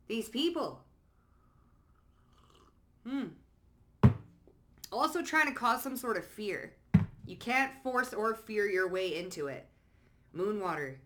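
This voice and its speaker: Blunt and sassy, a woman psychic does a casual card reading, swearing freely and calling the listener honey and baby. She's emphatic, lurching from low asides into loud outbursts.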